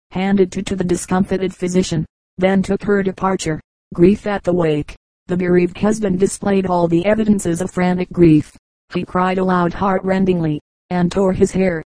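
A woman narrating an audiobook of humorous anecdotes in an even, unhurried reading voice. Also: lowish voice, no room sound, poor audio. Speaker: audiobook reader.

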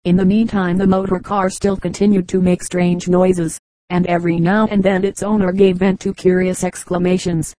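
Low, even-voiced woman narrating. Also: moderate pace, no echo, rough recording. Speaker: audiobook reader. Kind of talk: audiobook narration.

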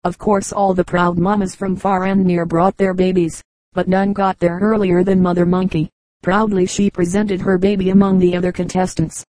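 A woman reading children's fables aloud in a measured, steady storybook narration. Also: fairly low pitch, no room sound, poor audio. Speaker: audiobook reader.

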